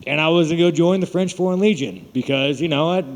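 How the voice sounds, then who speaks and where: Man, thirties, crude rambling storyteller, a little higher voice, long echo behind. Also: fast. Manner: crude, rambling, laughs often. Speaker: fighter at media day. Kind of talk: profane storytelling to press. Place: media event room.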